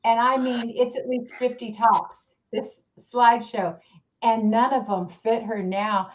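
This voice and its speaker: A woman's voice: on the high side, fairly even intonation, measured pace, muffled recording. A woman gossiping and mocking someone in casual livestream chat. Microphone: livestream mic.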